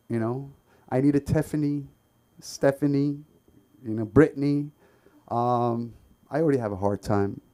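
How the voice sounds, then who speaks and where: A man from the Middle East performing an open mic stand-up set, with lots of ums and bursts of loud shouting. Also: medium pitch. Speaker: stand-up comedian. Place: comedy club stage.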